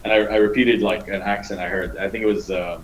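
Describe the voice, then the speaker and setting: A man chatting as a podcast guest, telling stories quickly and with a lot of swearing. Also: fairly low pitch, echoey room, recorded from a distance, dull audio, a little hiss or hum. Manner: fast, profane, animated storytelling. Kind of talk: casual chat.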